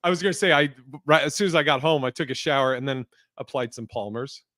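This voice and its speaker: A man's voice: medium pitch, fast, bright, forceful tone, dry recording, clean studio sound. A man hosting a podcast in casual chat, joking, swearing freely, and rambling through fillers. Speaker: podcast host.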